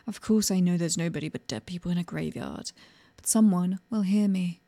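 A woman voicing a sharp-tongued young woman in an adult audio role-play, sarcastic at first, later stammering and pleading. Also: lowish voice, moderate pace, creaky. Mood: mocking, defiant.

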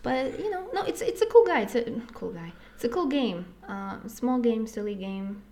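A woman's voice: fairly high pitch, lively intonation, moderate pace, mellow. Casual swearing woman chatting. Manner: swears freely, jokey and self-mocking. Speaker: podcast guest. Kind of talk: casual chat.

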